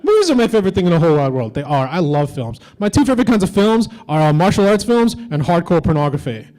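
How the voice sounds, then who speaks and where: A man's voice: high-pitched, very animated, fast talker, a little mellow, rough recording. A man doing a stand-up comedy set on a convention stage, with edgy, teasing banter toward the crowd.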